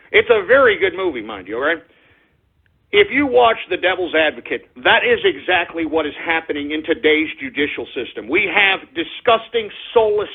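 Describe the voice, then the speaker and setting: A man hosting a political talk radio show, ranting with passion and profanity and often shouting at his listeners. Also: high-pitched, slightly rough. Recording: narrow phone-like lo-fi audio.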